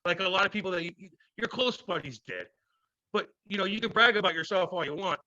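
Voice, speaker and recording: A man in his thirties, a former hockey player, telling stories loudly and profanely in a casual interview. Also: sits high, fast talker, no echo, highs cut off. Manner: loud, profane, animated storytelling.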